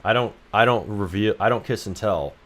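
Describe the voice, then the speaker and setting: A man's voice: on the low side, fairly quick, slight background noise. A young man streaming game development who jokes, swears freely and reads his chat aloud. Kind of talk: casual livestream chat.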